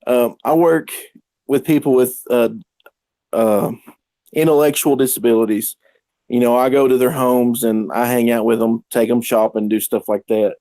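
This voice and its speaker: A man's voice: mid-range voice, fairly even intonation, moderate pace, warm tone, no echo. A man telling casual, rambling stories as a podcast guest, acting out the quotes. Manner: rambling anecdotes with acted-out quotes. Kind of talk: casual storytelling.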